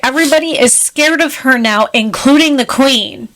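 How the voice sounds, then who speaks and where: A woman co-hosting a podcast, retelling a film plot in casual chat with animated, quick asides. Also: sits high. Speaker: podcast co-host.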